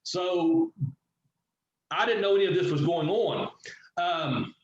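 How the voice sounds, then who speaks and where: A middle-aged former wrestler telling a story in a casual interview, animated and swearing freely as he acts out what others said. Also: sits high, slow pace. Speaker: guest, former pro wrestler. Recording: echoey, dull, slightly noisy audio.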